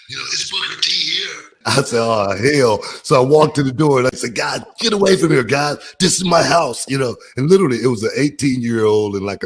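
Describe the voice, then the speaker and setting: A man hosting a casual podcast, his voice sitting in an ordinary middle range. He talks loosely and leans on fillers, then turns lively when he tells a story. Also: medium pitch. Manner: loose, filler-heavy, drawling delivery; lively, animated when telling stories. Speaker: podcast host.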